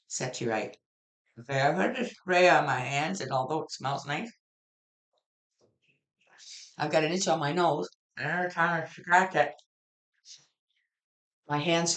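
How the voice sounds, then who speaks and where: This general tarot reading unfolds unhurriedly, with long pauses, in a slightly bright voice of ordinary middle pitch. The reader is blunt and casually profane, talking conversationally while sentences wander and frequently restart.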